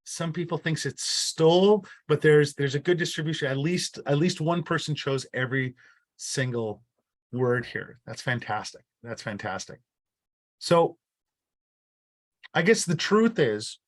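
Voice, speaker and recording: A man leading an online workshop. He talks casually and often repeats words and restarts his phrases. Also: medium pitch. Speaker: workshop facilitator.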